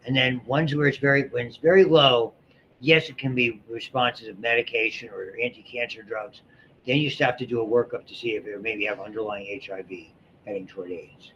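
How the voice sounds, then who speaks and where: A man's voice: on the low side, sharp tone. A middle-aged man teaching a biology class, chatty and digressive, with frequent restarts and asides. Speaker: biology instructor. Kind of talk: classroom lecture. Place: lecture classroom. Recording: dull lecture recording with faint hiss.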